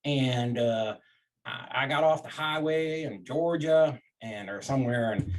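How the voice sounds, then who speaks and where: A man telling a personal story to an interviewer, conversational and lively. He acts out what he and others said and often restarts his sentences. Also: mid-range voice, a little slow. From Florida, USA. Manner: animated storyteller, acts out quoted voices, many restarts. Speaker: real estate investor and guest.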